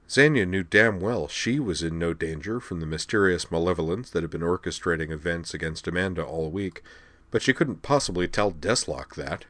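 A man narrating an audiobook in an even, measured storytelling manner. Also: low voice, no room sound. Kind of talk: scripted narration.

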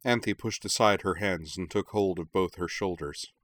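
A man narrating a story aloud in a measured, quiet way. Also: low-pitched. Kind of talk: reading fiction aloud.

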